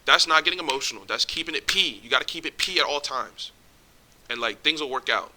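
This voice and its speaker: Young male vlogger, bright and forceful, blunt, slangy and profane, advice talk. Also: on the high side, a little fast, poor audio. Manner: blunt, swears a lot, streetwise slang. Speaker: vlogger giving relationship advice. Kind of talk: casual direct-to-camera advice.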